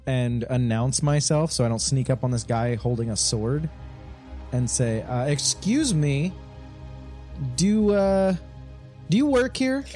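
A man playing a tabletop game, speaking in a halting, hesitant way. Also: mid-range voice, warm tone, soft background music. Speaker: player. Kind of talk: casual tabletop play.

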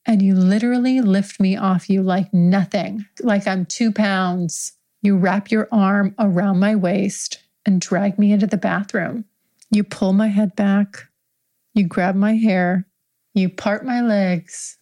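Young woman, warm tone, improvised second-person intimate narration, soft and close. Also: medium pitch, fairly even intonation, slow pace.

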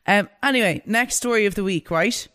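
A woman's voice: medium pitch, brisk, a bit bright, no room sound, clean studio sound. A woman co-hosting a podcast, chatting bluntly and sarcastically with her partner. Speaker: podcast co-host. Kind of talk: casual chat.

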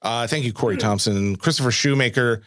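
A man's voice: medium pitch, no echo. Casual male co-host, easygoing mailbag reader, dry close sound. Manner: relaxed, reads listener questions with filler pauses. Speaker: podcast co-host reading mailbag. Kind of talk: casual chat.

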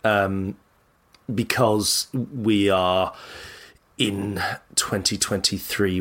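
A man, the producer on a comic radio show, hesitant and pedantic, stumbling over his words. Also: lowish voice.

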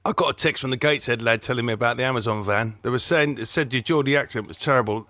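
A man's voice: medium pitch, fast, hardly any pauses, sharp tone, no room sound. A man co-hosting a podcast, chatting about football in a playful, joking way with lots of restarts. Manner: playful, jokey, stumbling restarts. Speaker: podcast co-host. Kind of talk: casual football chat.

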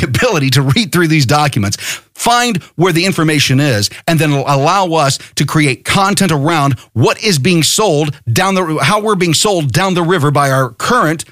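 A man's voice: on the high side, fairly bright tone, no echo, studio quality. A middle-aged American man hosting a podcast, delivering a fiery, profane political monologue that urges listeners to act. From United States. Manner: fiery, profane, rallying exhortation. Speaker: podcast host.

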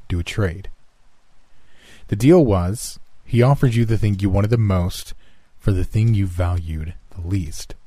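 A man's voice: fairly low pitch, warm tone, husky, no room sound. A man voicing a touchy, earnest young male friend who tells a creepy tale and swears when teased.

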